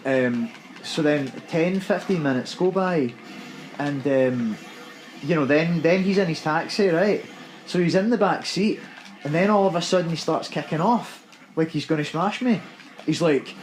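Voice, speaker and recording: Animated Scottish man telling a story. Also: a little high, normal speed, a little hiss or hum, rough recording. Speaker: gaming podcast co-host. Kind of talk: casual chat, storytelling.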